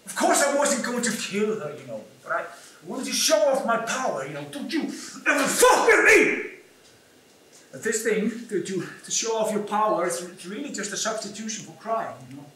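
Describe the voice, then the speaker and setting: A high, bright-toned man with an Icelandic accent recounts his own story on stage in an earnest, confessional way. His voice rings through a large echoey theatre and is caught from some distance away, with hall sound all around it. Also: lively intonation, a little fast. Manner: earnest, confessional, breaks into brief laughs. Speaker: community theatre performer.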